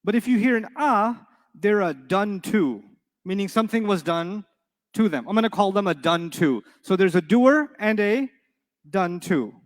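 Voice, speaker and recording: With a high voice and lively intonation, the middle-aged man moves at a moderate pace through an Arabic lesson for a live class. The hall is reverberant, and he stays jokey and playful, regularly putting questions to his students.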